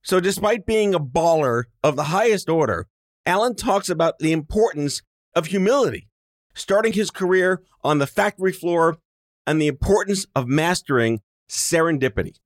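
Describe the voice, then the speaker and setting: A man's voice: on the high side, expressive, normal speed, dry recording, clean studio sound. A man from New York hosting a casual comedic interview, teasing his guest with puns and jokes. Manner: joking, teasing, punning. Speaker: podcast host.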